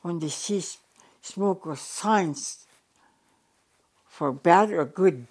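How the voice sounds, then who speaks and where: Older woman storyteller with a low voice. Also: a little mellow, breathy edge. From Yukon, Canada. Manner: unhurried, restarts and repeats words, plain direct phrasing. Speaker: elder storyteller. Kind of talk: oral storytelling.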